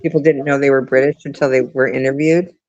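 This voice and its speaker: A man's voice: mid-range voice, fairly even intonation, fast talker, dull audio. A man hosting a livestream in casual chat, laughing often and restarting his sentences. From United States. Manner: chatty, laughing, many restarts. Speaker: livestream host.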